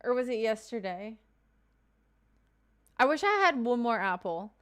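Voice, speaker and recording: A woman from Kentucky chats with her stream viewers, greeting them and answering their questions with easy fillers and quick asides. Her voice sits a touch high, smooth and clear, with a loose, unhurried flow. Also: animated, fairly bright tone. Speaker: live streamer. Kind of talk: casual chat reading viewer comments.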